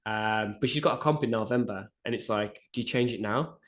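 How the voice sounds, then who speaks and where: A young man chats quickly on a casual podcast, his voice sitting a little low. He tells stories with plenty of "like" and the occasional swear word. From Britain. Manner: quick, animated storytelling with swearing and filler "like". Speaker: powerlifting coach and podcast co-host.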